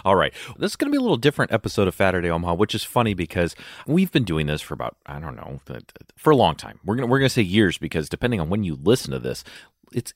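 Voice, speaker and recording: A man's voice: on the low side, dry recording, studio quality. A man co-hosting a food podcast, talking in a chatty, playful way with many fillers. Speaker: podcast co-host. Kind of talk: casual chat.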